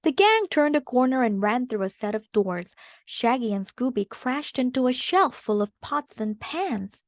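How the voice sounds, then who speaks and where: Slow, clear woman reading aloud. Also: fairly high pitch, big pitch swings, no echo, studio quality. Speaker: storybook reader. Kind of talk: children's read-aloud.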